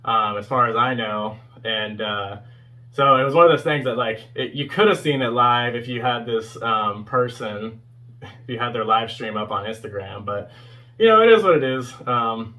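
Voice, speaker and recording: A young man in his twenties speaks with a bright, forward voice at a middle pitch. He talks casually and rambles, filling his review with ums, you-knows and small chuckles. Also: animated, moderate pace. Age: 20s. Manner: rambling, heavy with fillers and chuckles. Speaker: fan video host reviewing a concert performance.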